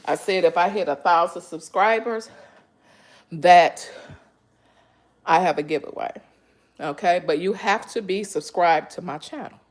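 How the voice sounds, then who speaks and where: A woman hosting a live cooking stream from her home kitchen. She talks to her viewers in an emotional way and breaks into breathy exclamations. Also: fairly low pitch, measured pace, pauses often. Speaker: cooking channel host.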